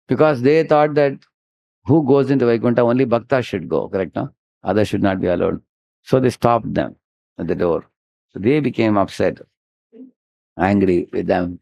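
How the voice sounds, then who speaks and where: A man with an Indian English accent preaches in a low, gravelly voice. He tells devotional stories with lively gestures in his speech and keeps prompting his listeners. The recording is dry and close-miked. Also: normal speed, pauses often, dry recording. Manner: animated storytelling, frequent "huh?" prompts. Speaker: spiritual teacher giving a lecture. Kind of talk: devotional sermon with storytelling.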